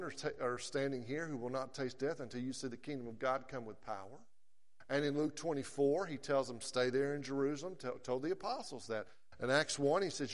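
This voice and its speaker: A man preaching a sermon, earnest and emphatic, slowing down to stress scripture quotations. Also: medium pitch, big-room sound.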